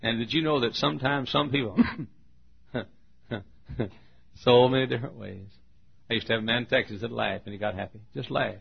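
A man's voice: medium pitch, steady tone, brisk, vocal fry, long pauses, slightly rough, lo-fi sound. A man preaching a sermon, telling folksy stories with humor and poking fun at himself. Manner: folksy, humorous, self-mocking storytelling.

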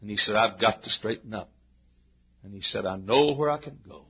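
A man preaching a sermon to his church, repeating phrases and rising into shouted climaxes. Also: lowish voice, a little fast, slightly rough. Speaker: pastor. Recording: dull lo-fi sermon recording.

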